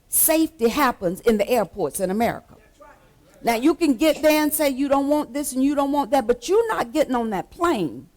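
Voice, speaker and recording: Woman pastor, high and very lively voice, slow deliberate sermon delivery, repetitive call-and-response, soft asides breaking into shouts. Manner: swings between hushed asides and shouted exhortation.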